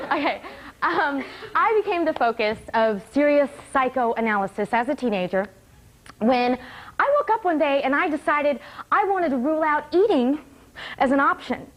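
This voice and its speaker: A woman doing a one-woman stand-up set on a small theater stage, wry and self-mocking, with quick laughs between lines. Her voice sits fairly high, and a faint room hum hangs behind her. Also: expressive, low-quality recording. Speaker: comedian.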